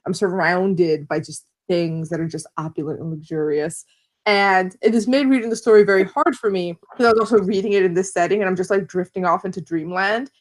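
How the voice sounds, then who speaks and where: A woman's voice: on the low side, steady tone, brisk. An American woman co-hosting a podcast, talking in an enthusiastic, playful, chatty way. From United States. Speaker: podcast co-host. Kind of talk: casual chat. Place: bedroom at a relative's house.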